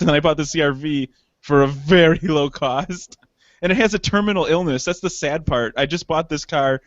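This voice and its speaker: A man's voice: a little high, no room sound, muffled recording. A young man from the Detroit suburbs, co-hosting a podcast in casual chat, rambling and joking with laughs between phrases. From Detroit suburbs, Michigan. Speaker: podcast co-host.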